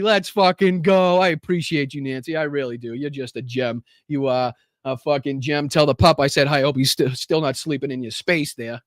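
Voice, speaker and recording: A man's voice: fairly high pitch, no echo, clean studio sound. Profane out-of-breath Boston man. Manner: profane, rowdy, laughing, out of breath. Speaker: political show host. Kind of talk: profane livestream commentary and viewer shout-outs.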